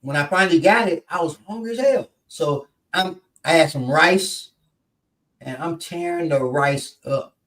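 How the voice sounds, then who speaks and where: A man's voice: a little high, unhurried, fairly bright tone. Male host, casual storyteller, somewhat distant mic. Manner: storytelling, laughs often. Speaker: podcast instructor. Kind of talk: casual quiz chat.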